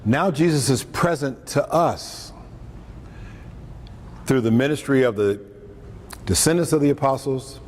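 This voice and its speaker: A man preaches at a measured pace in a mid-range, darkish voice, with long pauses between thoughts. His lunchtime scripture talk is conversational, spiced with jokes and acted-out quotes. A distant mic picks up the echoey hall and faint room noise.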